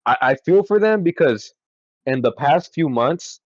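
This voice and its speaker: A young man co-hosting a podcast in casual chat, excitable and quick to swear and laugh. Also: a little high, no room sound. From California. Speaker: podcast co-host. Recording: dry, dull lo-fi sound.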